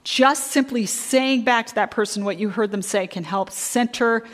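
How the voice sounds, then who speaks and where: A middle-aged woman leading a church marriage workshop, quizzing the audience with fill-in questions and stressing key words slowly. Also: fairly high pitch. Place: church sanctuary. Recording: long church hall reverb.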